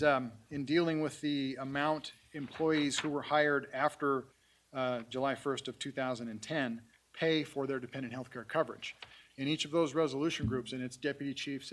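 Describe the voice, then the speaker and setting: A man from city staff briefing a council at a public meeting, halting, with many fillers and restarts. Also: medium pitch. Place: council chamber.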